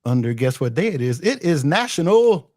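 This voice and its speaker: A man's voice: on the high side, sing-song, moderate pace, a little mellow, no echo. Laughing teasing man, dry close sound. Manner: teasing, scolding, laughs while talking. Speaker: podcast co-host. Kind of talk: casual chat.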